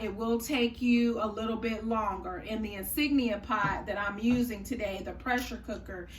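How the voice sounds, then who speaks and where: A woman's voice: on the high side, a bit bright, roomy sound. A woman hosting a cooking tutorial in a chatty, folksy way. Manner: chatty, folksy, says y'all and honey. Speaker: cooking channel host. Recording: distant mic, faint room noise.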